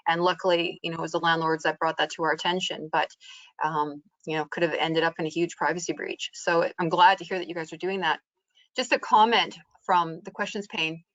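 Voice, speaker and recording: A woman's voice: on the low side, steady tone, fairly quick, a bit bright, no echo. A woman moderating a webinar panel, reading out viewer comments and sharing her experience, with hesitant fillers. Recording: dry, muffled video call audio.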